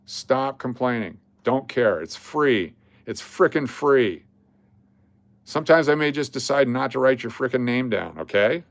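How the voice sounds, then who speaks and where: A man's voice: mid-range voice, lively intonation, measured pace, dry recording. A man hosting a casual livestream, talking to his chat in a blunt, joking, rambling way. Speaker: livestream host.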